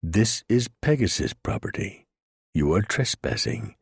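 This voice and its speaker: A stiff, prissy company boss, as a male narrator plays him, spitting out formal indignant commands. The voice climbs higher and louder than the narration but keeps a husky, rough grain, dry and close. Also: big pitch swings, a little slow, no room sound, full character voice.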